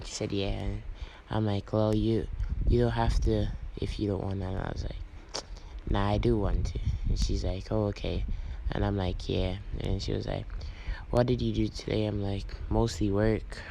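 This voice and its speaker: A young man tells a story in a low, gravelly voice that stays flat. He rambles through a retold text chat with endless "I'm like". Faint noise hums behind him. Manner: low-key, rambling retelling with many "I'm like". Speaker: vlogger. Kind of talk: casual storytelling, reading out texts.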